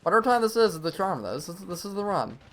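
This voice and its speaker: A man commentating his own live gameplay stream, talking to himself and the game with quick reactions. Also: high voice, very animated, fairly bright tone, slight background noise.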